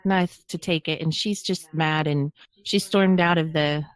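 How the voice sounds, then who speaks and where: A woman's voice: deep voice, steady tone, measured pace, no room sound. A woman co-hosting a casual podcast, chatty, often restarting and trailing off mid-sentence. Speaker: podcast co-host.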